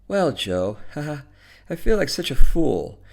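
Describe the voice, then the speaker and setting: A man's voice: on the high side, sing-song, unhurried, creaky, darkish tone, pitched above the performer's own voice, full character voice. A man reading a story, voicing a lonely middle-aged woman who sounds nervous and apologetic.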